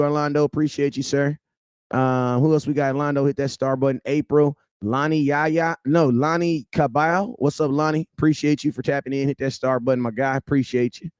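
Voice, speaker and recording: A young adult man hosting a casual livestream, loudly shouting out viewers by name in slangy talk. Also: medium pitch, smooth, no room sound, clean studio sound. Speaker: livestream host.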